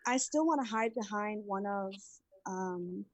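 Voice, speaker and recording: A woman's voice: medium pitch, a little slow, no room sound. A woman playing a tabletop game, asking questions about the rules. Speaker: player. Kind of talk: casual chat at a game table.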